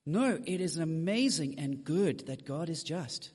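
A man's voice: on the high side, lively intonation, unhurried, a little mellow, slightly rough, big-room sound. A man preaching a sermon, speaking straight to his congregation with frank asides. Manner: direct, addresses the congregation with asides.

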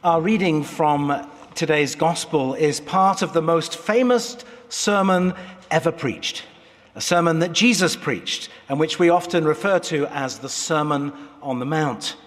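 A man's voice: fairly high pitch, unhurried, a bit bright. A man preaching a sermon as pastor, earnest and emphatic, letting his phrases fall away at their ends. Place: church sanctuary. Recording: church hall reverb.

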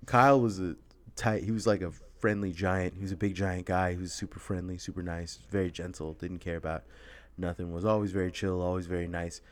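A man's voice: low voice, steady tone, fairly quick. A young man hosting a podcast, telling rambling stories in casual chat, laughing often and swearing freely. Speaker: podcast host.

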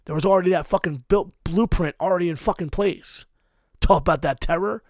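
A man's voice: sits high, brisk, dry recording, clean studio sound. A man in his forties who books hardcore shows, giving hard-driving advice with constant swearing and strong emphasis. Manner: emphatic, heavy swearing, drives points hard. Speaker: hardcore show booker. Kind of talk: profane advice rant.

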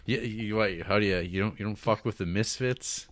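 A man co-hosting a podcast, talking quickly and enthusiastically with lots of restarts. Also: lowish voice, no room sound. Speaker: podcast co-host. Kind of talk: casual chat.

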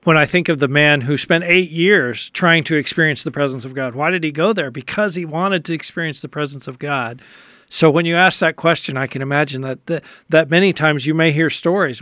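Calm male interview host. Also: fairly high pitch, fairly quick, dry recording, clean studio sound.

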